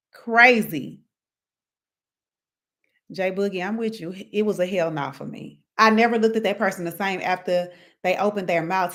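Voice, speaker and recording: A young woman hosting a casual live stream, chatty and animated, reading viewer comments and laughing often. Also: mid-range voice.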